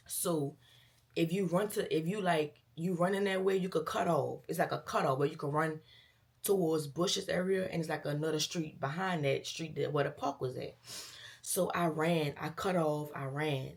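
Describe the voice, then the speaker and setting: Young woman, low gravelly voice, chatty storytime vlogger who acts out the dialogue. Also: moderate pace. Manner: animated retelling with quoted dialogue, addresses viewers as girl and y'all. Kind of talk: casual storytime.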